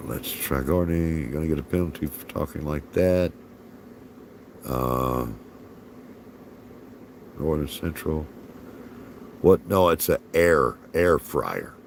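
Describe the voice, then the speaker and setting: A man's voice: very deep voice, a little hiss or hum. A man with a Southern US accent rambling in folksy, chuckling casual chat as a livestream host. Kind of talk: casual live-stream chat.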